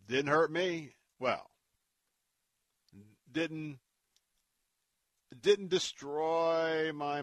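A man hosting a Christian radio talk show, speaking in an earnest, preacherly way and dropping to a hushed tone when he tells a story. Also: fairly high pitch, dry recording. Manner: earnest, preacherly, drops to a hush for stories.

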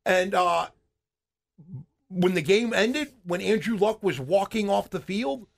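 High-pitched male radio co-host telling stories. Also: slow pace, creaky, slight background noise. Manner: animated storytelling with frequent fillers and restarts. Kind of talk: casual radio chat.

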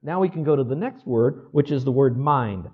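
A man in his sixties preaches to his congregation in a plain, conversational tone, pausing to ask whether they follow him. His voice sits at an ordinary middle pitch. The church recording is dull and lo-fi. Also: lively intonation. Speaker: pastor. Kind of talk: sermon. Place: church service.

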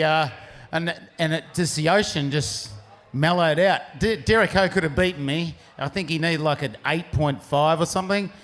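A man telling a surf story casually, rambling with frequent restarts. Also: fairly high pitch. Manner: rambling, restarts often, laughs through punchlines. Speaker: pro surfer telling a story.

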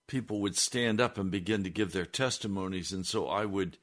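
A man preaching on a broadcast, telling a story slowly and deliberately. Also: sits low, a bit bright. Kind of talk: sermon storytelling.

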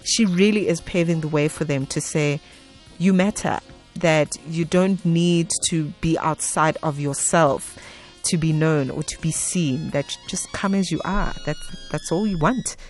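A woman's voice: low voice, measured pace, darkish tone, faint music behind. A woman hosting a radio interview, effusive and smiling as she talks. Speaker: radio host.

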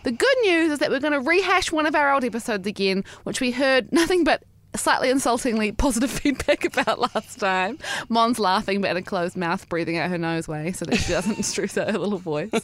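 A woman co-hosting a casual podcast, chatting and teasing her friend, laughing often. Her voice sits a little high and moves around a lot as she talks. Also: animated, fairly quick. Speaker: podcast co-host. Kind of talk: casual chat.

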